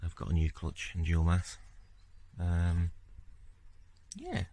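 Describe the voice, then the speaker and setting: A man talking casually through his car-repair video diary on a handheld phone camera, relaxed and rambling with lots of fillers. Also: deep voice, slow pace, gravelly. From Scotland.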